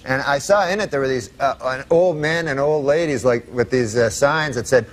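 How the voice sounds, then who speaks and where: Drawling deadpan male comedian. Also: medium pitch. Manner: drawling, halting with many uh's. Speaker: stand-up comedian. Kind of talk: deadpan storytelling anecdotes.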